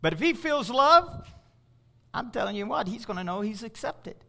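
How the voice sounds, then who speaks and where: A man's voice: very high voice, expressive, normal speed, vocal fry, bright, forceful tone. A middle-aged male pastor preaching a sermon, emphatic and calling out to his congregation.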